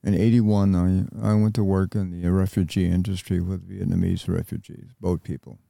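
Deep gravelly older man, halting. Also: level tone, dark tone, no echo, studio quality. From United States. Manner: halting, reflective, with many pauses. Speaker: interview guest, Vietnam veteran. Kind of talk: reflective interview talk.

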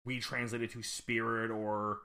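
A man's voice: lowish voice, level tone, normal speed, over a noisy crowd. Easygoing man chatting with fillers. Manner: rambling, hesitant, with many fillers and restarts. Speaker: podcast co-host. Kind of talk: casual podcast discussion.

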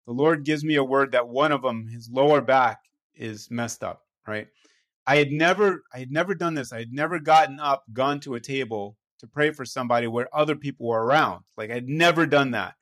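A man's voice: mid-range voice, fairly quick, a bit bright. A man, a pastor, telling a personal story in a conversational, self-deprecating way, often checking in with his listener.

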